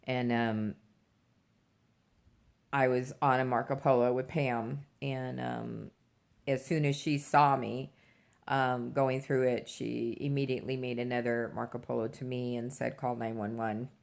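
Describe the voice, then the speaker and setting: A middle-aged woman with a strikingly deep voice tells a personal story straight to the camera. Her tone carries a gravelly fry, and she talks haltingly, filling gaps with fillers and restarting her sentences. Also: flat delivery. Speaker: vlogger.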